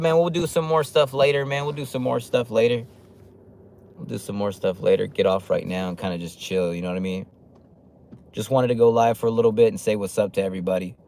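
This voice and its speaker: A man's voice: fairly low pitch, moderate pace, long pauses, darkish tone. A man hosting a casual livestream, reading chat comments aloud with loose, profane talk and lots of laughs. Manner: fillers and restarts, laughs often. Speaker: livestream host.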